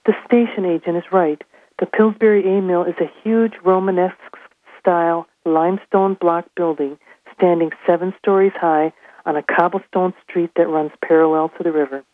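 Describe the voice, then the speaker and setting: A woman reading aloud from her own novel in a steady, measured narration. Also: on the low side, no echo. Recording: tinny phone line.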